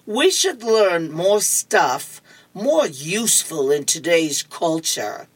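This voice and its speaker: A woman's voice: on the low side, big pitch swings, takes it slowly, slightly rough, full character voice. A woman reading comics aloud, voicing a schoolboy earnestly lecturing his teacher.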